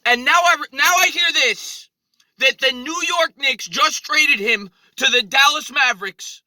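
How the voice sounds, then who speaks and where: A man's voice: extremely high pitch, unhurried, sharp tone, no echo, poor audio. A man in his thirties ranting off the cuff into his phone outdoors, agitated and indignant, repeating himself as a sports vlogger. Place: outdoors in a cold city street.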